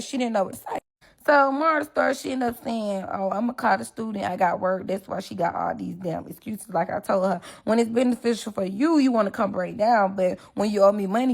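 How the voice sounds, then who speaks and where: A woman's voice: fairly high pitch, vocal fry. A young woman, telling a story about a friend in an emphatic, indignant way and acting out both sides of the argument. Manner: emphatic, indignant, acts out quotes. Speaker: storyteller recounting a falling-out. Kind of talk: casual story-time vlog.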